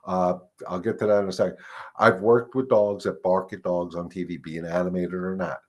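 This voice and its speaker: A man's voice: sits low, flat delivery, moderate pace. A man, a dog trainer hosting a casual live Q&A, talking in a rambling way with fillers and restarts. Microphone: live stream microphone.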